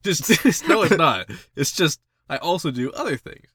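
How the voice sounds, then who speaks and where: A man co-hosting a podcast in casual chat, animated and laughing often through his jokes. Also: a little high, a crowd in the background. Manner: animated, laughs often mid-sentence, quick jokey asides. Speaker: podcast co-host.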